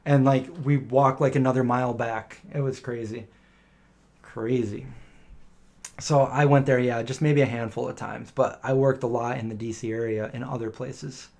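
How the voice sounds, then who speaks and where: A man's voice: medium pitch, steady tone, moderate pace, gravelly, a little mellow. A middle-aged man hosting a casual live question-and-answer stream, telling rambling anecdotes and acting out the voices of people he quotes.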